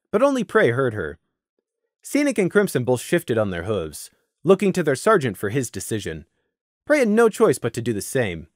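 A man narrating a story in a lively, expressive reading voice. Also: mid-range voice, no echo, clean studio sound. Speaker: audiobook narrator.

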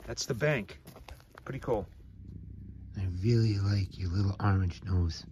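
A man's voice: fairly low pitch, unhurried, darkish tone, dull audio, a little hiss or hum. A man filming at his mountain home, chatting and teasing his cat in a casual way. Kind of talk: casual talk to a pet. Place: rural mountain home by a fire. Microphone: handheld camera.

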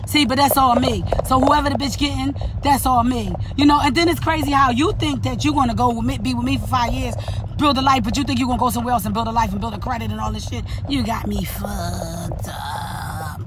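A woman, stuffy from an allergy cold, telling a profane, animated storytime rant in her daily vlog segment, cussing and laughing at her own story. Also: high voice, quick pace, background noise. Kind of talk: profane, ranting storytime monologue.

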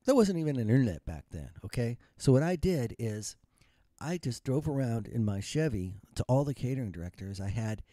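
A man's voice: mid-range voice, very animated, a little fast, mellow, no room sound, studio quality. A man in his fifties, a retired musician telling his life story in a humorous, rambling and self-mocking monologue.

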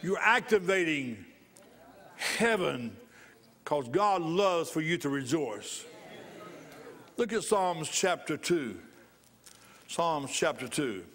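A pastor preaches in a church, his voice sitting a little higher than most men's. He drives points home by repeating his phrases and breaks into hearty laughter as he urges joy. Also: expressive, slow, long pauses, fairly bright tone. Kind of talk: sermon.

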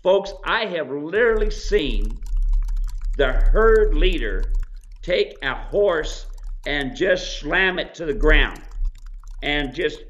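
A man's voice: a little high, takes it slowly. A man hosting an advice show on mule training, talking in a casual, folksy way and acting out quoted voices. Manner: animated, acts out animals and people in quoted asides. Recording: dull lo-fi sound.

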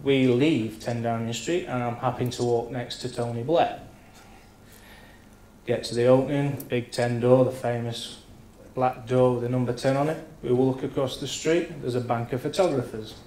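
In a spacious function hall, a man from England in his thirties delivers bawdy after-dinner anecdotes at a moderate pace, swearing liberally and performing the people he describes. His pitch is mid-range, his tone darkish and his intonation fairly even. There's a soft hum of ambience and a little hiss.

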